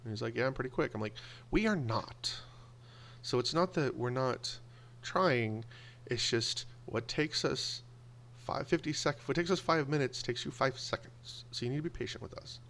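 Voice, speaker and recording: A man telling personal stories in a casual monologue, animated and acting out the voices of people he quotes. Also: medium pitch, moderate pace, gravelly. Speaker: video blogger.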